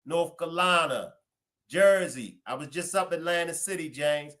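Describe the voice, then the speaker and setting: Baltimore-accented man, stream host, chatty shout-outs, slightly high voice. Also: moderate pace. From Baltimore, USA. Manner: chatty, greeting viewers by place.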